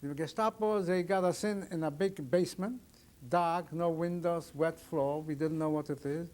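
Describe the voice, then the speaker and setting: Older man survivor in oral history testimony, somewhat high voice, halting, plain storytelling. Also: a little mellow. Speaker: Holocaust survivor interviewee.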